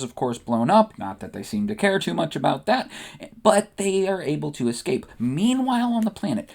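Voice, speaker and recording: A man hosting and narrating a comedic story in a playful, animated way. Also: a little high. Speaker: host and narrator.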